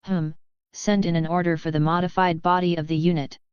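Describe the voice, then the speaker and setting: A woman's voice: on the low side, level tone, brisk, smooth, dry recording, muffled recording, close to an everyday voice. Woman reading a serious scheming corporate boss. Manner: serious, clipped.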